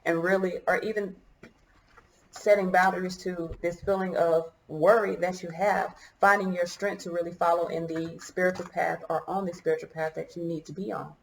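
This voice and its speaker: A woman talks through a tarot spread for her viewers in a low, gravelly voice that catches now and then as she feels choked up. She muses out loud, trailing off and starting her sentences over. The room is echoey, with a faint hiss underneath. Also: level tone, normal speed. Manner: musing, hesitant, thinks aloud with many restarts. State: choked up, coughing. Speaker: tarot reader. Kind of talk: casual tarot reading to viewers.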